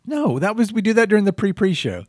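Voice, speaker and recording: A man hosting a comedy podcast, animated and quick to laugh in the banter. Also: sits high, no room sound. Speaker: podcast host.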